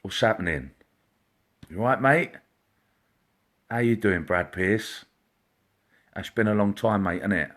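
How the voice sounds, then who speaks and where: A man, a psychic medium, hosting a casual live stream, chatty and greeting viewers by name, sometimes dropping into a quiet murmur. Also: fairly low pitch, unhurried, long pauses. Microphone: computer or phone mic, live stream.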